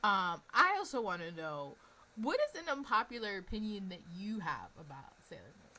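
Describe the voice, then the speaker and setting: A woman hosting a podcast in casual chat, animated, laughing often and using lots of fillers. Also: medium pitch, moderate pace. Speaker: podcast host.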